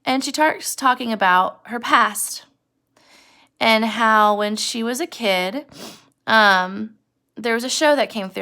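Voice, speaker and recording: Retelling a chapter of a novel for her class, a woman teacher speaks slowly at a fairly high pitch, bringing the characters' quoted lines to life with animated voices.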